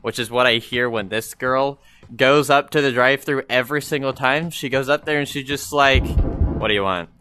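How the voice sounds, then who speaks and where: A man's voice: mid-range voice, little pitch movement, normal speed, music in the background. A young man rambling and complaining about his job in a casual gaming vlog, full of fillers, speaking into a VR headset mic. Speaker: gaming vlogger.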